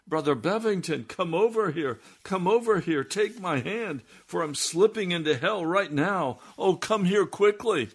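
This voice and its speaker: A man preaching plays a desperate grown man who shouts and pleads for mercy in a much higher, louder voice. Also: very animated, slow pace, husky, full character voice. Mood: desperate pleading.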